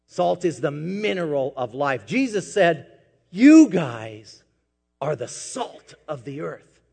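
A man preaching a sermon as pastor, swinging from quiet asides to loud emphatic peaks. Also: on the high side, very animated, slow, vocal fry, slightly rough, big-room sound.

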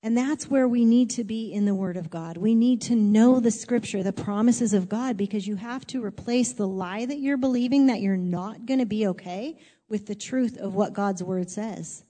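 A woman's voice: mid-range voice, moderate pace, dark tone, big-room sound. A woman preaching a sermon in an earnest, conversational way, rising to emphatic exhortation.

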